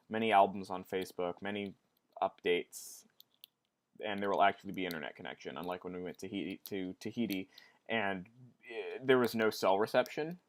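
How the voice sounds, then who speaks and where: A young man talking casually in a weekly vlog, rambling and restarting his sentences often. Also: low voice. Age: young adult. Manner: rambling, with many restarts and fillers. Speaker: vlogger.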